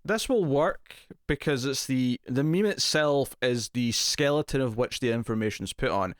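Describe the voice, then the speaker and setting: A man co-hosting a casual TV review podcast, jokey and quick to laugh. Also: mid-range voice, no room sound, clean studio sound. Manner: laughs often, jokey, self-mocking. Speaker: podcast co-host.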